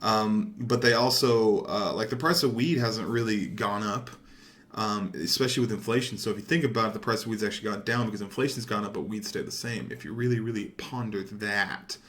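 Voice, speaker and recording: A young man giving casual, rambling commentary over gameplay, swearing freely and getting easily excited. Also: fairly low pitch, brisk. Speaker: gaming commentator.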